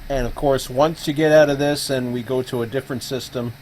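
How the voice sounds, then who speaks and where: A man's voice: medium pitch, steady tone, fairly quick, a little mellow, a little hiss or hum, poor audio. A man hosting a live stream who explains a setup casually, thinking aloud with plenty of fillers. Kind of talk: casual screen-share explanation.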